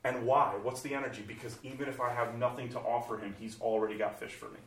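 A man preaching a sermon, animated, moving between loud exclamations and soft hushed passages. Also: medium pitch, fast talker. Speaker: pastor. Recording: roomy, from far off the mic.

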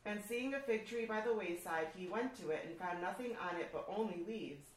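A woman reads scripture aloud with a steady, measured delivery. She sounds set back from the microphone in a roomy, echoing space, with a faint hum of noise behind her. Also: medium pitch. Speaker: scripture reader. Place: large room at a church breakfast. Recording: echoey room from far off, faint background noise.

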